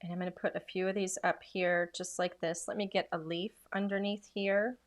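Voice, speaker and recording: A woman's voice: fairly low pitch, little pitch movement, moderate pace. A woman demonstrating craft products in a casual, chatty way, full of enthusiasm and filler words.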